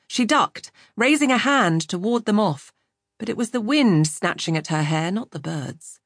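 A woman narrates a scripted audiobook in a measured, even storytelling style. Her voice is mid-range, and the clean studio recording has no echo.

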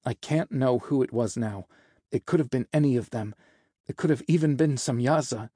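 A man's voice: medium pitch, normal speed, mellow, breathy edge, no echo, studio quality, lightly acted. A man reading a story and voicing a proud, irritable wounded male angel who snaps defensively. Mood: uneasy. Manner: defensive, snapping. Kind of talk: audiobook character voice.

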